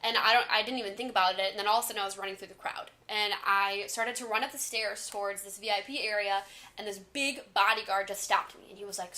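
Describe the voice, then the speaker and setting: A woman in her twenties telling a storytime vlog, talking fast in an excited, gushing way. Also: medium pitch. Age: 20s. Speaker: vlogger.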